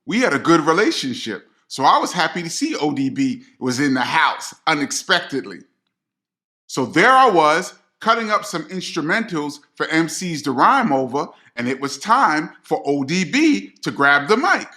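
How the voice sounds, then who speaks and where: A middle-aged man, a DJ telling a personal story straight to his viewers in a slangy, animated way. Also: fairly high pitch, moderate pace. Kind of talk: storytelling to camera.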